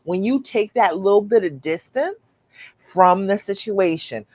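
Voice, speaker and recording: A woman's voice: mid-range voice, lively intonation, a little slow, a little mellow, no echo. A woman hosting a live relationship-coaching show, answering viewer questions in an earnest, encouraging way and acting out imagined inner voices.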